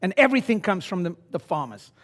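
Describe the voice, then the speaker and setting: A man's voice: very animated, fast talker. Brash older man rousing a seminar crowd. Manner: brash, swings from low asides to loud exhortation. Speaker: seminar speaker. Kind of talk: motivational seminar talk. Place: conference room before an audience.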